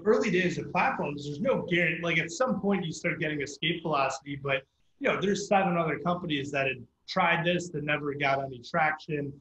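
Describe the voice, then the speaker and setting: A man telling a founding story in a casual interview, animated and full of filler words. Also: a little high, reverberant, lo-fi sound. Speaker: startup founder guest.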